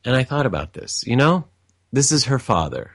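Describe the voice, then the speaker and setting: A man's voice: medium pitch, very animated, normal speed, gravelly, no room sound, studio quality. Reflective man telling a personal story. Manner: reflective, with frequent restarts and asides.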